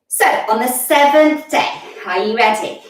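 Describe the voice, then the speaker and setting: High-pitched yoga teacher in an echoey room. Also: female voice, lively intonation, a little slow, recorded from a distance. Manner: bright, encouraging instructions with sung counting verses. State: a little out of breath. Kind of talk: guided kids' yoga lesson with singing. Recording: echoey room, voice from away from the mic.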